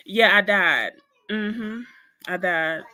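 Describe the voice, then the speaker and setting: A woman guest in an interview, telling a personal story in an animated, emphatic way and speaking straight to her listeners. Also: medium pitch, extremely slow.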